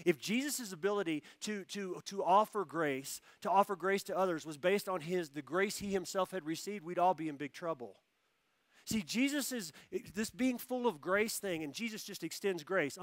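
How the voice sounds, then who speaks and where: A man preaches a sermon in a fairly high voice, leaning into stories and acting out the people in them. He repeats key phrases to drive them home. His voice is picked up close and sounds dry, with little room sound. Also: brisk, dry recording. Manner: storytelling, animated quoted voices, repeats phrases for emphasis. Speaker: pastor. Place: church.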